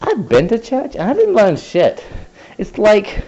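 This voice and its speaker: A man's voice: high voice, huge pitch swings, unhurried, mellow, muffled recording. A man telling a rambling, sarcastic story to camera, swearing freely as he goes. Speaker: vlogger.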